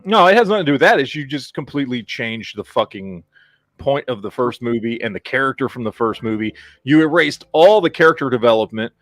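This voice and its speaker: A man's voice: mid-range voice, expressive, fairly quick, no echo. A man hosting a casual podcast, ranting bluntly and swearing freely. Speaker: podcast host.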